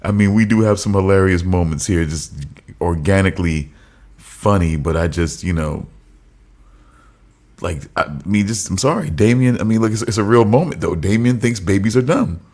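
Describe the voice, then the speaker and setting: Low-voiced man rambling on a podcast. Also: animated, normal speed, a little mellow. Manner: rambling, thinking aloud with many restarts. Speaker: podcast co-host. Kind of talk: casual chat.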